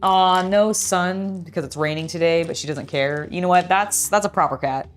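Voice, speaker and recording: A young woman with a low, deep voice chats loosely as she builds LEGO, rambling with plenty of "like" and "um" and cooing at her cat now and then. Soft music plays faintly behind her. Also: moderate pace. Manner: chatty and rambling, talks to her cat, many fillers. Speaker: LEGO builder and channel host. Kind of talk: casual building vlog chat.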